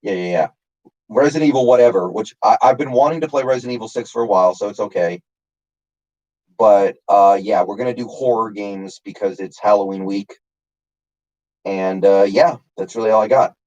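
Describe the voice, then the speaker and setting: A man's voice: fairly low pitch, brisk, darkish tone, muffled recording. A man casually chatting on his live stream, answering chat by name with lots of fillers. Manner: rambling, reads chat names, many fillers.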